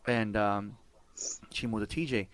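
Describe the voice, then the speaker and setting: A man's voice: fairly low pitch, fairly even intonation, measured pace, a little hiss or hum. A man hosting a podcast, telling stories casually with laughs and easy swearing. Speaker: podcast host. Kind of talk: casual conversation.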